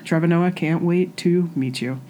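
A young woman co-hosts a podcast in easy, chatty conversation. Her voice sits a little low, and she sounds upbeat and laughs easily. The recording has a faint hiss in the background. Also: moderate pace, warm tone. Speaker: podcast co-host. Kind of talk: casual chat. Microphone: microphone resting on a pillow.

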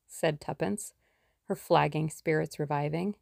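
A woman narrates a classic novel in a steady, measured way. Her voice is low, with a gravelly edge and a dark, mellow tone. The recording is dry and close to the mic. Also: no room sound. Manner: measured storytelling. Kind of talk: audiobook narration.

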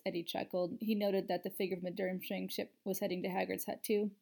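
A woman narrating a story aloud in a steady, even reading voice. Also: medium pitch, brisk, gravelly.

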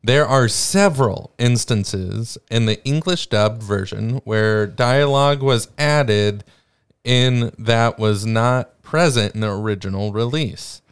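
Podcast guy reading fun facts real slow, smooth clean voice, kinda wry. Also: medium pitch, no echo, clean studio sound. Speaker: podcast co-host. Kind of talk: casual chat, sharing trivia.

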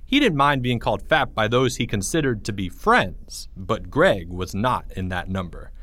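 Narrador expresivo, voz muy viva. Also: male voice, fairly low pitch, moderate pace, dry recording. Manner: expressive, plays each character. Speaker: author and audiobook reader. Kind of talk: scripted storybook narration.

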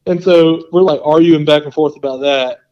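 A man telling a long story in a casual chat, rambling and animated, with lots of "like" and quoted asides. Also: on the high side, normal speed, dull audio. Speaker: podcast guest.

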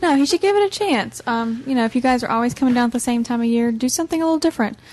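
A woman's voice: on the high side, rapid-fire, a little mellow, a little hiss or hum. A woman co-hosting a podcast, chatting enthusiastically and giving travel advice. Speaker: podcast co-host. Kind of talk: casual chat.

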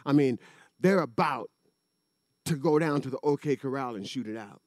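A man voicing a worried frontier lawman, in a low, subdued mutter. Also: normal speed, darkish tone, dry recording, studio quality, natural voice.

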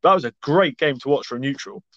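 Fast-talking man, sweary banter. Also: mid-range voice, fairly bright tone, no room sound. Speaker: podcast co-host. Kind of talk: casual sports chat. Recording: dull lo-fi dry sound.

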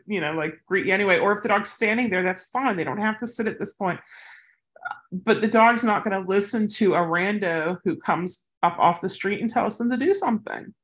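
Chatty dog trainer telling training stories. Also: fairly bright tone. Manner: chatty, acts out quoted people with big pitch jumps. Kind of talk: casual training instruction with anecdotes.

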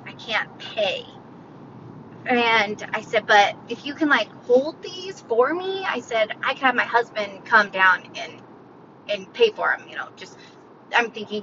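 High, bright-voiced woman telling a story. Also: lo-fi sound, slight background noise. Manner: animated, self-mocking, laughs often. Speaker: vlogger. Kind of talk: casual storytelling to viewers.

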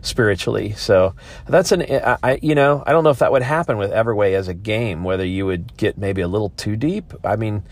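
A man's voice: lowish voice, fairly quick. A man hosting a podcast, talking in a rambling, thoughtful way with many restarts. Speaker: podcast host. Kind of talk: casual monologue.

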